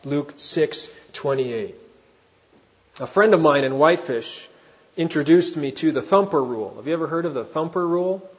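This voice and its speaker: A man preaching from the pulpit, with a voice that sits a bit high for a man. He talks in a conversational way and puts questions to his listeners. The recording is dull and lo-fi. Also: expressive, normal speed. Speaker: pastor. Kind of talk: sermon.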